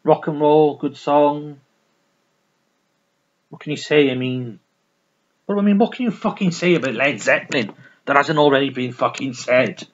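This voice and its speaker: A man's voice: on the high side, moderate pace, pauses often, dull audio. A man reviewing records in a casual, rambling, sweary way, full of restarts. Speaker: music vlogger.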